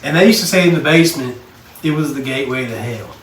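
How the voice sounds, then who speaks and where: A man from Texas, co-hosting a casual podcast chat and telling animated stories. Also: mid-range voice, fast. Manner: storytelling, animated. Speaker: podcast co-host. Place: basement. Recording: echoey room, mic at a distance, faint noise.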